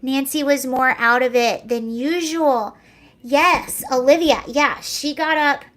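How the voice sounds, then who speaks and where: Slow and a bit bright, with a voice that sits high, a young woman hosts a relaxed livestream where she chats sarcastically, laughs often, and responds to what viewers write.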